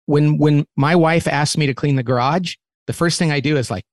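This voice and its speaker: A man who runs a company, talking as an interview guest and lively acting out quoted remarks as he explains a model. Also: fairly high pitch, normal speed, dry recording. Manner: animated, acts out quotes in different voices; repeats words when restarting.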